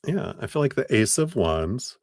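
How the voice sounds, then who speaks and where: A man's voice: mid-range voice, very animated, moderate pace, no room sound, studio quality. A man giving a live tarot reading in a chatty way, laughing often and acting out little quoted voices. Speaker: tarot reader.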